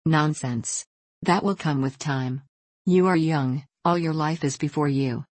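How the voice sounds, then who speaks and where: A woman's voice: low-pitched, unhurried, darkish tone, no room sound. A woman reading the part of a talkative, proud elderly male vicar in a rambling, self-amused way. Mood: genial.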